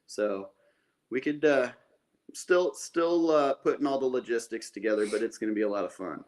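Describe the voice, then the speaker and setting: A man's voice: medium pitch, moderate pace, a little mellow. A man co-hosting a casual podcast, talking in an upbeat, rambling way and repeating words as he plans aloud. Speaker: podcast co-host.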